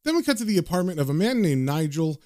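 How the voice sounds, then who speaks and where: A man's voice: on the high side, very animated, fast talker, darkish tone, no room sound, studio quality. A man casually recapping and reading a comic aloud, with loose filler words. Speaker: comic book reader and recapper.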